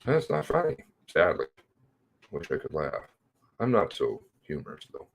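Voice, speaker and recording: A man's voice: rumbling low, huge pitch swings, moderate pace, creaky. A man hosting a casual livestream, greeting viewers by name and reading chat with a sardonic drawl.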